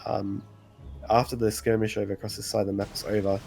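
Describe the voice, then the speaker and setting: A man casting a live strategy game in a relaxed, chatty way, half asleep, with many pauses and small laughs. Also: on the low side, vocal fry. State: sleepy. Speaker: esports caster. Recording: faint game music underneath.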